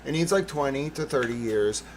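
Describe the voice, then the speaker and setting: A man's voice: medium pitch, moderate pace, slight background noise, low-quality recording. A man hosting his own channel, delivering a blunt, profane, sarcastic political monologue. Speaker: channel host.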